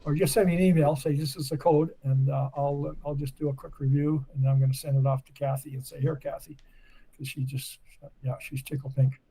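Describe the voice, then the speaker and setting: A man's voice: medium pitch, flat delivery, brisk, mellow, slightly rough, low-quality recording. A man in his eighties from Nova Scotia, a podcast guest chatting casually and telling long, rambling stories. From Nova Scotia, Canada. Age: 80s. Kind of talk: casual conversation.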